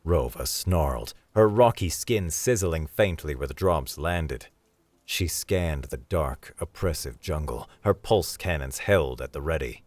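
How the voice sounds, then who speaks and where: A man with a deep, low voice reads a scripted sci-fi story. His delivery is steady and dramatic. The sound is dry and close. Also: measured pace, no room sound. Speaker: narrator.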